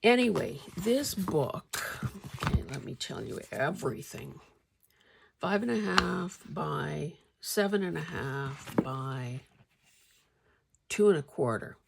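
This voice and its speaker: A woman vlogger chatting casually about her finds in a wry, meandering way, often clearing her throat. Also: low voice, lively intonation, takes it slowly, pauses often, heavy background noise. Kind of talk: casual show-and-tell chat.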